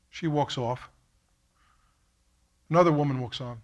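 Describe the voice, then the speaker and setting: Middle-aged new guy giving a keynote, bright high voice, acts out every quote. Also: moderate pace, long pauses. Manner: animated, quotes himself and others, swings from hushed to fervent. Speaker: keynote speaker. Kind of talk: impassioned storytelling speech. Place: lecture hall at a college.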